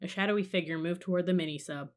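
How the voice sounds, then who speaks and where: Woman, storybook reader, calm, measured, lowish voice. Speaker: audiobook reader. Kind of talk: storybook narration.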